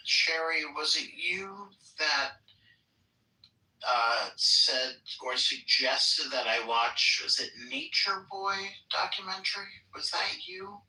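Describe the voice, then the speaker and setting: Man, casual chat, hesitant, easygoing, higher pitch, roomy distant sound. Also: expressive, slow pace, bright, forceful tone. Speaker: chat room speaker.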